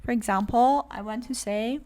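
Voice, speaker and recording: A woman with a Persian accent, teaching English to adult beginners, explaining slowly and checking in with "okay?". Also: fairly high pitch, darkish tone. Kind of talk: classroom teaching.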